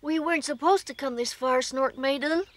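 A woman's voice: sits high, normal speed, natural voice. A woman voicing a kind, earnest young male troll in a cartoon, eager and encouraging, often calling out to friends. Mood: worried. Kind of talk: animated cartoon voice acting.

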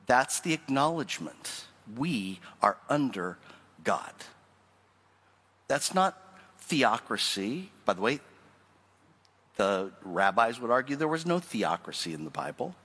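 Pastor, male, preaching with a lively, rising and falling delivery, bright edge, church hall reverb. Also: medium pitch, unhurried, breathy edge. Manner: animated, emphatic preaching with rhetorical questions. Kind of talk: sermon. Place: church sanctuary.

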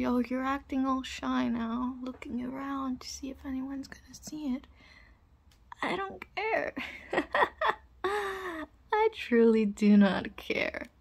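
A woman's voice: high-pitched, vocal fry, husky, heavily acted. A woman playing a cruel young bully in a whispered role-play, taunting and bossing the listener with mocking laughs. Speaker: audio role-play performer.

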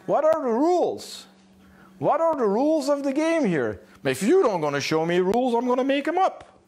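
Man doing a squeaky, cocky young dog. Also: sing-song, normal speed, a little mellow, heavily acted. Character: cheeky young dog making its own rules.

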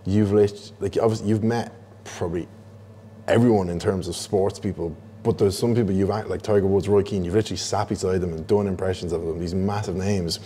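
An Irish man hosting a casual pub chat, easygoing and quick to laugh and agree. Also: low voice, steady tone, dark tone, slight background noise. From Ireland. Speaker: host.

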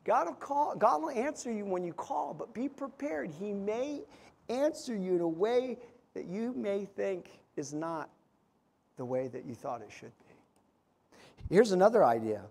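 A pastor preaching a sermon, telling stories and acting out quotes, building to loud emphatic peaks. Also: male voice, high voice, expressive, unhurried, vocal fry, husky. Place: church sanctuary. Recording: long hall reverb.

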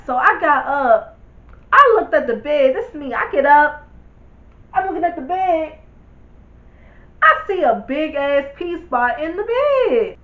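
Young woman vlogger, candid storyteller, higher voice; roomy, dull home recording. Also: big pitch swings, unhurried, long pauses. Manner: candid, blunt, swears freely, addresses viewers. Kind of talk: casual storytime.

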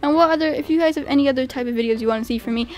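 A woman hosting her gaming channel, chatting casually through gameplay commentary with frequent laughs and excited outbursts. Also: high-pitched, very fast.

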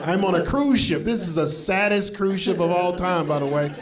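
A man from Florida works a live comedy stage, storytelling in a fairly high voice that jumps into acted-out quotes and laughing asides. The audience is loud, with laughter breaking in throughout this live club recording. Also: moderate pace, over a noisy crowd. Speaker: stand-up comedian. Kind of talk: stand-up comedy set.

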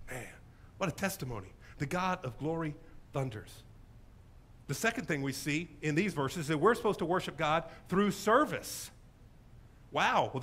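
High-voiced pastor preaching, super animated and jokey, pitch jumping all over. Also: male voice. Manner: animated, humorous, enthusiastic. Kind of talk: sermon.

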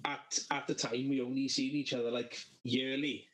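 A man co-hosting a podcast, telling a long anecdote in a loose, sweary, rambling way. His pitch sits in an ordinary middle range, and he chats among friends. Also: little pitch movement, moderate pace, a bit bright, rough recording. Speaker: podcast co-host. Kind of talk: casual storytelling among friends.

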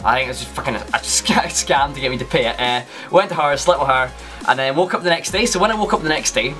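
A man's voice: medium pitch, animated, fast talker, pushed and bright, soft background music. A young Scottish man telling a casual, rambling story to camera as a YouTuber, with lots of fillers and restarts.

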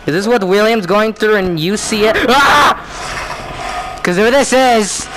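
A young man talking through a horror game in panic, repeating himself and swinging between yelps and low mutters. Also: moderate pace. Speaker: gamer playing a horror game. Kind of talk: scared gameplay commentary. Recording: game music playing behind.

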